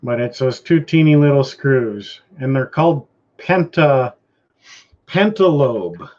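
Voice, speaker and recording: A man's voice: mid-range voice, animated, slow, darkish tone. A Canadian man hosting a casual live-stream chat, rambling and laid-back, trailing off and restarting his sentences. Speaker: host. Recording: dull lo-fi stream audio.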